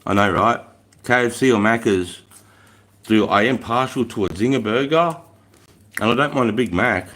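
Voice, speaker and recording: A man's voice: lowish voice, normal speed, a bit bright. An Australian man in his thirties hosting a live stream, chatting casually, reading out comments and telling army stories with plenty of slang and swearing. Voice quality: laid-back, swears freely, lots of Aussie slang. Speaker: livestream host.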